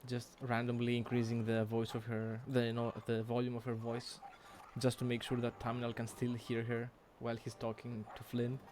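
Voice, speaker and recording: A man's voice: medium pitch, completely flat delivery, moderate pace, hardly any pauses. A man running a tabletop game, narrating in a matter-of-fact way over faint background noise. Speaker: game master.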